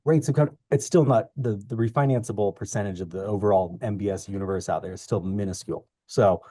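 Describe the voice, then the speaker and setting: A man's voice: lowish voice, fast talker, mellow, no echo, studio quality. A young man co-hosting a podcast, rambling and long-winded in casual chat about the market. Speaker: podcast co-host.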